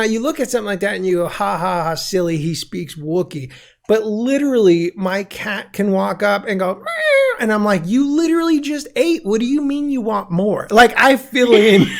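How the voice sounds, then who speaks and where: A man hosts a loose comedy panel chat. His voice has a gravelly, fry-laden edge. He laughs a lot and jumps into quick silly impressions. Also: high voice. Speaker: host.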